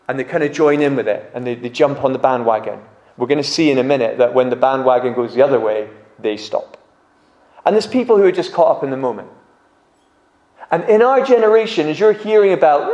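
A man preaching a sermon, animated and acting out crowd voices. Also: medium pitch, normal speed, dull audio. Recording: echoey room.

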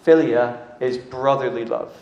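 A man's voice: medium pitch, unhurried, mellow, highs cut off. A man preaching a casual, chatty sermon, often acting out the dialogue. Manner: conversational, uses "like" and acts out dialogue. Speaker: pastor. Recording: echoey room.

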